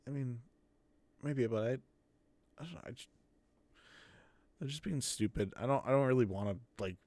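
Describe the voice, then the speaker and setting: A man voicing a shy young boy who loves spiders, talking softly and hesitantly with many stammers. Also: medium pitch, expressive, normal speed, no echo, lightly acted.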